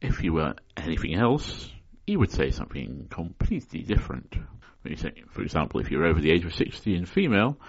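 Man, very low voice, dry mock-scholarly solo podcast host, dull lo-fi sound. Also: brisk, few pauses, breathy edge. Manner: deadpan mock-scholarly, tongue-in-cheek. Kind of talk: solo spoken explainer.

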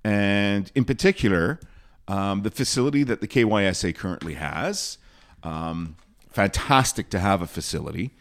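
Man, podcast host, lower voice, lively pitch, jokey. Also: normal speed. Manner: jokey, animated. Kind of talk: casual podcast chat.

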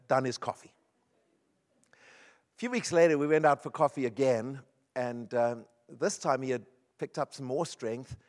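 A middle-aged man preaching a sermon, telling personal stories in an earnest, emphatic way. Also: medium pitch. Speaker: pastor.

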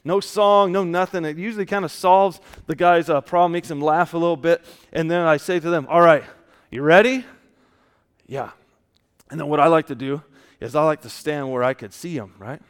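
A man preaching a casual, story-filled sermon, often dropping to a soft hushed tone. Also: a little high, fairly quick, clean tone. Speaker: pastor. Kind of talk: conversational sermon with stories. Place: church. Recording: long church hall reverb.

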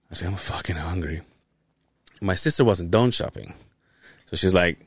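A middle-aged man hosting a podcast who tells a long story in a casual, animated way, swearing often and laughing as he goes. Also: low-pitched, fast talker, pauses often, dry recording, studio quality. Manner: animated, profane, laughs while telling stories. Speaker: podcast host.

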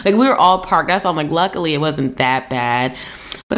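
A woman chatting casually as a co-host, telling stories with lots of laughter and swearing, her voice jumping up when she quotes herself. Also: fast talker. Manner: animated storytelling, jumps high when quoting herself; profane, laughs often. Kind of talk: casual chat.

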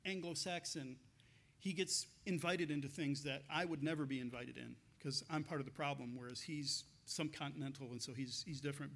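A pastor with a fairly bright, somewhat high voice gives a conversational sermon. He tells stories, laughing frequently and restarting his sentences.

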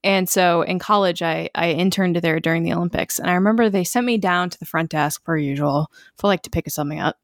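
A woman in her twenties from Connecticut chats casually on a podcast. She tells anecdotes with lively, acted-out quotes. The sound is close and dry, with no room echo. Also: lowish voice, brisk, few pauses. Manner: animated storyteller, acts out quotes. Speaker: podcast co-host. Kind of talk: casual chat.

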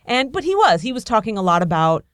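A woman storyteller telling a true story from her own life, swept up and breathless as the tale builds. Her voice is smooth and clear. It is recorded close and dry, with no room sound. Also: mid-range voice, quick pace, no room sound. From Buffalo, New York, USA. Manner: excitable, breathless delivery, acts out quoted voices. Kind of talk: live personal storytelling.

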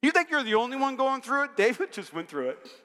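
A man preaching a sermon in a church, energetic and humorous, rising now and then to shouts. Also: extremely high pitch, brisk. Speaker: pastor. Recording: long hall reverb.

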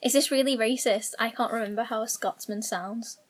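A woman's voice: on the high side, a little fast. A woman co-hosting a casual podcast, firing back dry retorts and laughing often. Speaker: podcast co-host.

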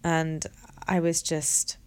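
A woman sharing a personal story in a candid monologue, reflective and halting, with many restarts and fillers. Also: low-pitched, level tone, a little mellow, smooth. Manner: earnest and open, swears casually.

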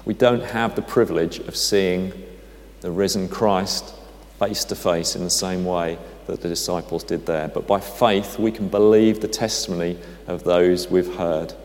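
A man delivers a sermon in an easy, conversational way, with touches of dry humour. His voice sits low. The sound rings with the long reverb of a large church. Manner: conversational, gently humorous storytelling. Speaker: preacher.

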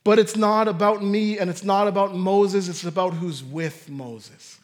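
A man with a fairly high-pitched voice delivering a sermon as a pastor. He preaches in a loose, conversational way. He pokes fun at himself along the way. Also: steady tone, measured pace. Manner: conversational, self-deprecating humor.

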